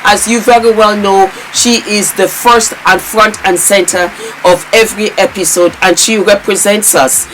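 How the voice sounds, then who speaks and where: A woman's voice: mid-range voice, fairly even intonation, normal speed, a bit bright, slight background noise. A woman host chatting to her viewers in an effusive, doting way, calling them her darlings. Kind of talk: casual chat to viewers.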